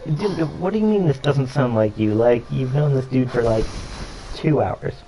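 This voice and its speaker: A man's voice: mid-range voice, animated, normal speed, dark tone, slight background noise, poor audio. A young man hosting a let's play, chatting casually and joking while he plays, with frequent swearing. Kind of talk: casual chat over gameplay.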